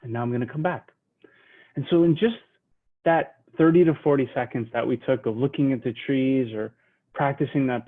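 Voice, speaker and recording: A man talks listeners through a mindfulness moment as a leadership trainer, his voice slow and soothing. He sits at a middling pitch, and the recording sounds tinny and narrow, as if heard over a phone line. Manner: slow, soothing, drops to a hush while counting breaths. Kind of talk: guided mindfulness lesson.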